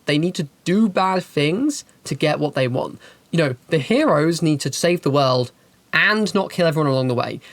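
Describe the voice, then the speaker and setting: A woman hosting a channel, giving game master advice in an animated, chatty and emphatic way. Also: fairly low pitch, dry recording. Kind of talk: casual advice talk and storytelling.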